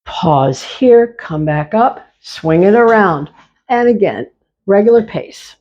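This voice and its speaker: Woman yoga instructor, warm mellow tone, unhurried calm cueing, slightly dull recording. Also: mid-range voice. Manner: slow, calm, repetitive cueing. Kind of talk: guided exercise class instruction.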